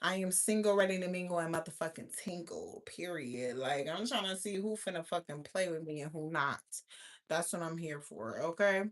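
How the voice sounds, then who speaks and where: A woman in her thirties hosting a casual livestream, talking loudly and profanely straight to her viewers, often breaking into laughter. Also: lowish voice, normal speed. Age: 30s. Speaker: livestream host. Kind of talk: casual live chat with viewers.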